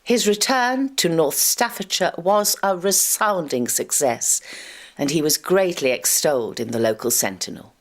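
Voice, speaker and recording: A woman narrating a local history documentary in a measured, storytelling way. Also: on the low side.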